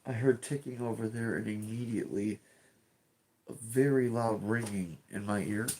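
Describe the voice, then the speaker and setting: A man's voice: on the low side, moderate pace, warm tone. A man streaming from home, chatting casually and rambling, swearing often and restarting his sentences. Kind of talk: casual live-stream chat.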